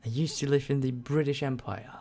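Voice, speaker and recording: A young man with a German accent hosts a casual live stream, reading out viewers' questions. He answers in a sarcastic, joking way and laughs often, and his voice sits at a middle pitch. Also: steady tone, fairly quick, warm tone. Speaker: YouTube channel host.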